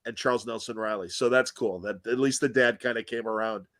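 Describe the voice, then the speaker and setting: A man's voice: mid-range voice, fairly even intonation, fairly quick, fairly bright tone, dry recording. A middle-aged man co-hosting a podcast, chatting casually and rambling through his stories with lots of restarts. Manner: rambling with frequent fillers and restarts. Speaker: podcast co-host. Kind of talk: casual chat.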